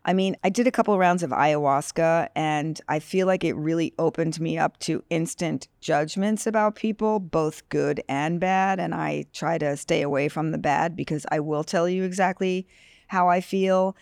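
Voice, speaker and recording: A woman's voice: low voice, normal speed, vocal fry, a little mellow, no room sound, studio quality. A woman from New York, a podcast guest talking candidly and expressively in casual chat.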